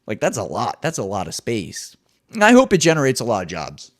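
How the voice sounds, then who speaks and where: A young man hosting a comedic solo podcast, ranting with swearing and swinging between loud bursts and muttered asides. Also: medium pitch, wildly swooping pitch, brisk. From New Jersey. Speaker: podcast host.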